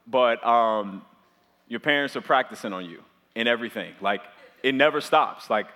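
A man's voice: mid-range voice, normal speed, sharp tone. A man in his twenties, a pastor telling a personal story to his congregation in a chatty, loose way with lots of filler words. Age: 20s. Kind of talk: storytelling sermon to a live audience. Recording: long hall reverb.

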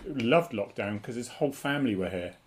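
A man from England co-hosting a relaxed chat, who laughs easily and now and then slips into put-on accents. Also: mid-range voice, fairly quick. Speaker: co-host. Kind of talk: casual live-stream chat.

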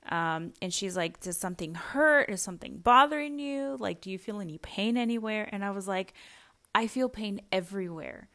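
A young woman talks through a personal story for her podcast, with a slightly low voice. She is chatty and casual, full of fillers and quick little laughs. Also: a bit bright. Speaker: podcast host.

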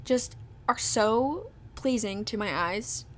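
A woman's voice: fairly high pitch, expressive, slow pace, a bit bright. A woman in her twenties hosting a podcast, chatting casually and bubbly, full of "like" and "literally". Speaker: podcast host. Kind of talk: casual chat.

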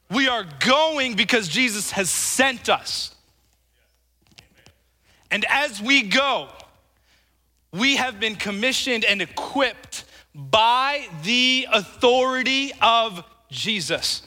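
A man's voice: high voice, animated, measured pace, pushed and bright. A man preaching a sermon, emphatic, calling on the congregation to respond and repeating his phrases. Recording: long hall reverb.

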